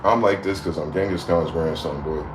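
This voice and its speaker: A man in his forties hosting a livestream, ranting with heated outbursts that drop to low mutters. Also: steady tone, moderate pace. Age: 40s. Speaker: livestream host. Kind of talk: profane rant. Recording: echoey room with faint background noise.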